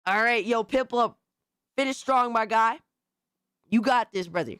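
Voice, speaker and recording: A man hosting a casual live stream, hoarse from recent illness, talking excitably with lots of swearing as he thanks viewers. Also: very high-pitched, measured pace, no room sound, clean studio sound. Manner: excitable, profane, shouting out viewers.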